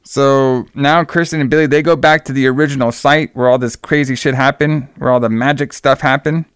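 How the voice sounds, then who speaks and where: A young man casually recapping a film plot in loose, profane talk, slipping into quick voices for the characters. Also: mid-range voice, fairly even intonation, clear, resonant tone, no echo, studio quality. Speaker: podcast co-host recapping a movie.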